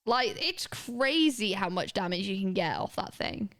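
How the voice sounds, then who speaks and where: A woman's voice: mid-range voice, animated, measured pace, a bit bright. A woman, chatting casually and rambling as she streams a game, swearing now and then. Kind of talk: casual gaming commentary.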